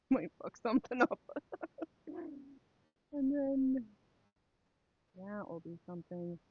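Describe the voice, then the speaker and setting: A woman's voice: on the high side, animated, slow pace, breathy edge, no echo, phone-quality sound. A woman chatting casually to her live stream while sewing, rambling and talking to herself and her pets.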